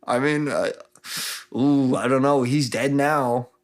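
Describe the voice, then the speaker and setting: A man's voice: mid-range voice, fairly even intonation, takes it slowly, lightly acted. Brief: smug villain king, offhand and mock-innocent, done by a guy in his own voice. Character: smug cruel male king toying with prisoners.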